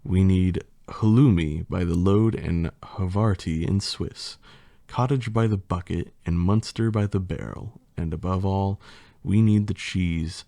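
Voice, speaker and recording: A man's voice: low voice, a little slow, creaky, dark tone, dry recording. A man voicing a greedy male mouse leader, polite but menacing as he demands more cheese in an ASMR poem reading. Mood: demanding.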